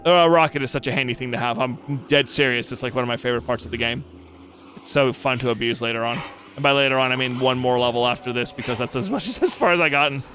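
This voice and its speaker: A young man hosting a let's play, goofy and excitable, joking and yelping at the game. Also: mid-range voice, fast, a little hiss or hum. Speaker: gaming channel host. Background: game music.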